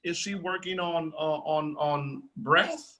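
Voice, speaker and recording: Bright-voiced man giving feedback on a call. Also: fairly high pitch, takes it slowly. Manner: encouraging, repeats himself. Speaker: guest opera singer giving feedback. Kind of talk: casual video call feedback.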